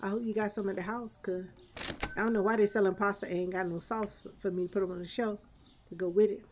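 A woman's voice: mid-range voice, fairly even intonation, quick pace, noisy background. A woman streamer giving chatty live gameplay commentary, laughing often and talking back to chat and the game's customers.

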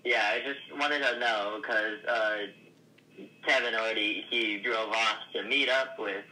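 A man's voice: lowish voice, steady tone, unhurried, sharp tone, slight background noise, poor audio. A man calling in to a live show, talking in a hesitant, friendly way with lots of filler sounds. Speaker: caller. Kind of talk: casual phone-in chat.

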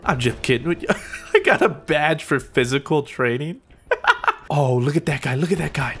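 A man with an American accent giving excitable, giggly let's-play commentary. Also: a little high, normal speed, slight background noise. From United States. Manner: excitable, giggly, frequent shrieks. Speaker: gaming YouTuber.

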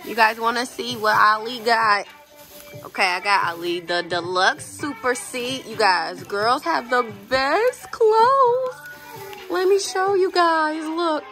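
A young woman vlogging in a casual, gushing way, slipping into high baby talk with infants. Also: slow pace, sharp tone, faint music behind. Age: young adult. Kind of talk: casual vlog chat.

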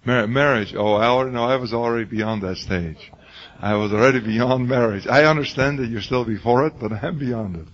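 An older man with a raw, hoarse voice lectures a class in an emphatic, repetitive way, restarting his sentences often. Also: medium pitch, a little fast. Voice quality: husky. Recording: dull lo-fi classroom recording.

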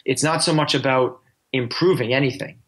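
On a podcast, a male coaching guest talks earnestly in a casual interview style, often restarting sentences and using lots of fillers. His mid-range voice is a bit bright and moves fairly quickly.

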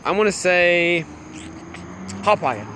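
A young man casually chatting with viewers on a livestream while playing a phone game, excitable and laughing often. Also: sits high, slow pace, a little hiss or hum. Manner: excitable, laughs a lot, greets chat viewers. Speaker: livestream gamer.

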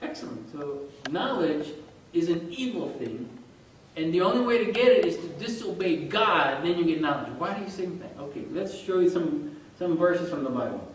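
A man with a notably high voice gives an animated, informal lesson, quizzing his listeners as he goes. He sounds distant from the microphone in a heavily echoing room. A faint low rumble sits underneath. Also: normal speed. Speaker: religious study teacher. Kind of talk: informal lecture to a group. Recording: very echoey room, far from mic, faint rumble.

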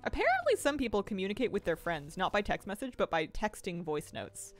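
Young woman gaming on stream, rambly and giggly, voice bouncing all over, bit of quiet music behind. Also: medium pitch, huge pitch swings, brisk. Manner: chatty, rambling, laughs often. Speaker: game streamer. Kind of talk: casual live-stream chat while gaming.

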